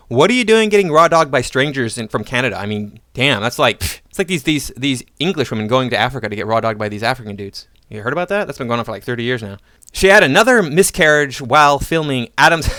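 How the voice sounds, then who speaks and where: Man, reaction commentary, mocking, ranting, bright tense tone, dry close sound. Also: mid-range voice, dry recording. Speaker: commentary channel host. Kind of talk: reaction commentary reading an article.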